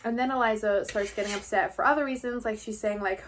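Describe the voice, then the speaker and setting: A teenage girl vlogging from home, recapping a story in a loose, gossipy way. Her voice sits at an ordinary middle pitch for a woman, and she talks like she is catching up with a friend. She swears playfully now and then. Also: fast, hardly any pauses, fairly bright tone. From New York. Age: late teens. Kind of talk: casual story recap during a mukbang.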